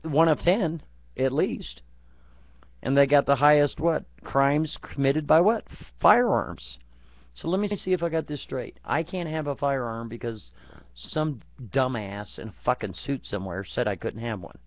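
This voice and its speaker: A man's voice: mid-range voice, a little slow. A man in a profane, angry political rant, swearing constantly and talking crudely. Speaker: vlogger. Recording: dull lo-fi dry recording.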